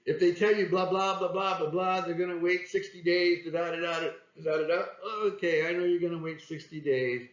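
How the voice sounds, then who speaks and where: A man's voice: fairly high pitch, fairly even intonation, brisk, few pauses, lo-fi sound. Man coaching sales in an echoey room. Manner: plain-spoken, acts out phone calls. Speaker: sales trainer.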